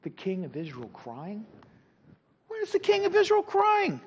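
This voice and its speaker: A middle-aged man teaching a Sunday school class, animated, with rhetorical questions and frequent restarts. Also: high voice, a little slow, breathy edge. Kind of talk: Bible teaching. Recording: dull lo-fi sound with long hall reverb.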